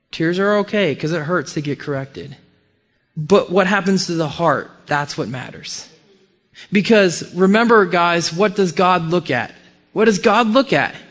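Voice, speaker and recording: High-voiced preacher in a reverberant hall. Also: male voice. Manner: emphatic, swinging between loud highs and quiet lows. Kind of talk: sermon.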